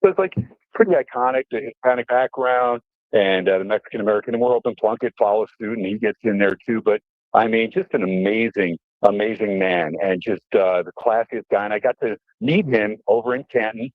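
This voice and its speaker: Middle-aged radio guest, chatty storyteller, dry and phone-thin. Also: male voice, fairly low pitch, a little fast, no room sound. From New Jersey. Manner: animated storyteller, fillers, mimics voices. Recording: tinny phone-line audio.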